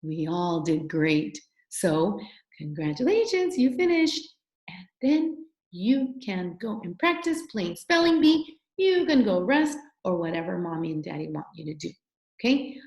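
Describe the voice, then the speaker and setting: Slow, gravelly woman teaching small children. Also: mid-range voice, darkish tone. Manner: slow, patient, sing-song and encouraging. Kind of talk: recorded phonics lesson for young children. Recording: echoey room.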